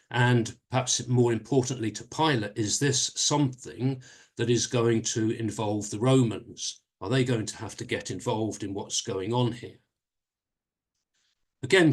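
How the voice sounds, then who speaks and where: A man leading a church Bible study, explaining a passage in a measured way with frequent pauses and restarts. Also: on the low side.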